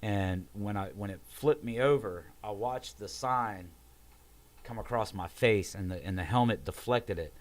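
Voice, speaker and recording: Animated man telling a wild story. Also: on the low side, a little slow. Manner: animated, acts out quoted voices, swears. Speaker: podcast guest telling a story. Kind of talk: casual storytelling.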